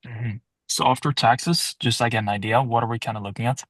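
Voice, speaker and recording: A man playing a salesperson in a sales roleplay, calmly asking questions and restating the answers. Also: mid-range voice, a little fast, no echo, low-quality recording.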